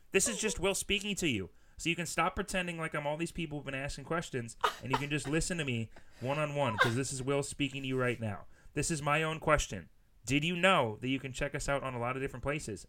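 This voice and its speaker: A man's voice: a little high, fairly quick, background noise. A man co-hosting a casual podcast, joking and rambling as he talks. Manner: jokey, rambling, slips into mock voices. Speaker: podcast co-host. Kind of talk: casual chat.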